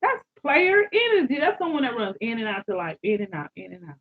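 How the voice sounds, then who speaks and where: High, husky, animated woman reading tarot. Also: brisk. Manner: animated, exclaiming and repeating phrases. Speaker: tarot reader. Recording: dull lo-fi sound.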